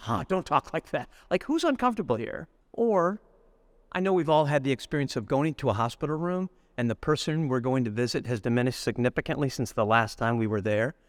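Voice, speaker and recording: A middle-aged man giving a spiritual retreat reflection, deliberate and storytelling, slowing down to linger on lists of words. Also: medium pitch, no room sound, studio quality. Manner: storytelling, acts out everyday speech. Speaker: retreat speaker.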